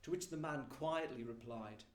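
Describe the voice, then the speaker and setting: A man telling a joke to a concert audience, in a deadpan storytelling manner with voiced quotes. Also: mid-range voice, moderate pace. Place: event rooms. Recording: echoey room.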